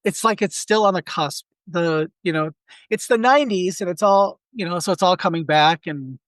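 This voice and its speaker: A man's voice: sits high, moderate pace, a bit bright, no echo. A man in his forties, a podcast co-host, telling a long rambling anecdote in casual chat full of asides.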